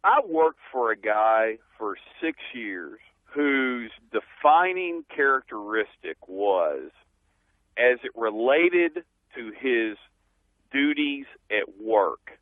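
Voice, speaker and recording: A man calling in to a radio show, speaking in a measured, reflective way over the phone. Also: mid-range voice, lively intonation, no room sound. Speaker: caller. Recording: tinny phone line.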